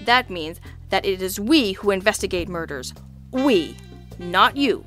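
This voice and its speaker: A woman voicing a loud, sarcastic male police lieutenant who barks and bellows in exasperation. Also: medium pitch, lively intonation, measured pace, faint music behind. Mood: angry, bellowing. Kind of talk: audiobook character reading.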